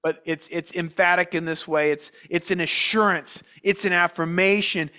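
A man with a notably high-pitched voice delivers a sermon from the pulpit. He preaches in a measured, deliberate way, often repeating words as he restarts a phrase. He asks the congregation rhetorical questions as he works through a scripture passage. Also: pushed and bright, smooth. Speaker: pastor.

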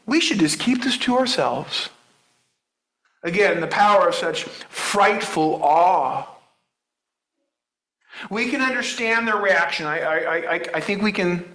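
High-voiced bright male preacher, echoey room. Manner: conversational, with many restarts and rhetorical questions. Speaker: pastor. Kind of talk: sermon.

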